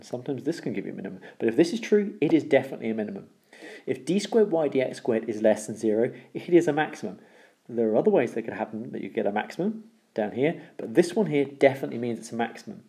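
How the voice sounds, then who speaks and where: A man teaching a recorded maths lesson, explaining step by step, repeating the key rules and checking in with "okay?". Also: medium pitch. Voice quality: gravelly, dark voice.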